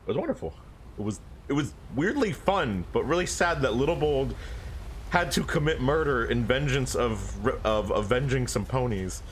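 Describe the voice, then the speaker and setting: A man's voice: mid-range voice, lively intonation, moderate pace, slight background noise. Young man casually recounting a dream. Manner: rambling, swears a lot, laughs between lines. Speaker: streamer.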